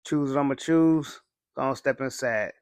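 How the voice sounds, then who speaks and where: A man's voice: mid-range voice, normal speed, darkish tone, clean tone. A man giving a laid-back, conversational cigar review, often saying "you know". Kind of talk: casual review talk.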